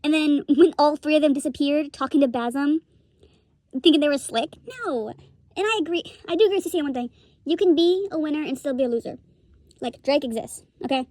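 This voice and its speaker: Young woman vlogger, high voice, dry close sound, rambling swearing rant. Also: a little fast, a little mellow, no room sound. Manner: rambling, profane, laughs often. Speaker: streamer commentator. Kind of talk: casual rant commentary.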